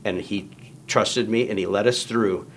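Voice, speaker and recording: A man's voice: fairly low pitch, steady tone, a little slow, slight background noise. A man telling a long story in casual conversation, acting out quoted lines in raised voices. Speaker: guest storyteller.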